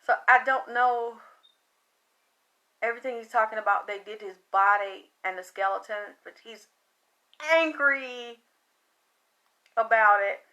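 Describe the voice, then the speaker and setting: High, bright-voiced woman relaying a spirit. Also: measured pace, pauses often, lo-fi sound. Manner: emotional, rambling, swears casually. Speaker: psychic medium. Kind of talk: channeling spirit messages, monologue.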